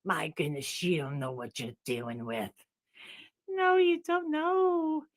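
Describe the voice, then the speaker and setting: Woman doing a hushed, taunting toy villain. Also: on the low side, sing-song, takes it slowly. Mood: menacing. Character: sneaky menacing toy villain.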